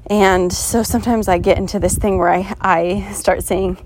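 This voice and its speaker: A woman's voice: medium pitch, fairly even intonation, normal speed, darkish tone, slight background noise. Woman podcaster, casual chat, mid-range voice, earnest, encouraging, lots of fillers and restarts. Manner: chatty, many "like" fillers and restarts. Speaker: podcast host. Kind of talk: casual motivational podcast talk.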